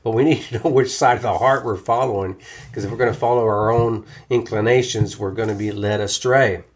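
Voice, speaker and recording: A man teaching from the Bible in a relaxed, conversational way, often restarting his sentences with fillers. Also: fairly low pitch, brisk.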